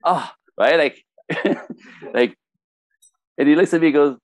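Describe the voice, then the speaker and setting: Lively French Canadian man telling stories. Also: a little high, slow, pauses often, dry recording, lo-fi sound. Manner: lively, laughs often, acts out quotes in different voices. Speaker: guest. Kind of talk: animated storytelling in a podcast interview.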